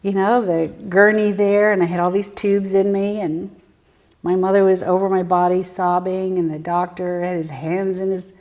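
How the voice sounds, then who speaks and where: A woman guest telling personal stories in an interview, earnest and reflective, halting with fillers and sometimes sinking to a near whisper. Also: on the low side, flat delivery, darkish tone. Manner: halting, with frequent fillers and restarts. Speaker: guest, spiritual medium.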